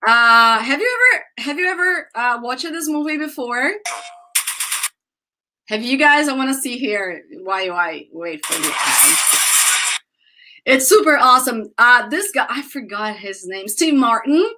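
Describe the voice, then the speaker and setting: A woman's voice: fairly high pitch, lively intonation, a little slow, background noise. A woman with a Brazilian Portuguese accent teaching an online English grammar lesson, chatty and enthusiastic. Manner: chatty, enthusiastic, addresses students as guys.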